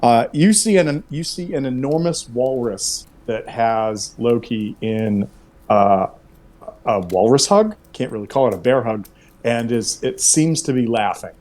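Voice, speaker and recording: A man's voice: medium pitch, unhurried, a little mellow. A man acting as game master for an online tabletop game, talking in an easygoing way with lots of fillers and self-corrections.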